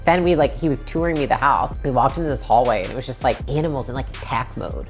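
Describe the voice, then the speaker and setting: A woman's voice: extremely low pitch, animated, fast talker, soft background music. A woman in her twenties telling her own story in a casual, conversational way, full of "like" fillers and acted-out quotes. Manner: conversational, frequent "like" fillers, acts out quoted lines.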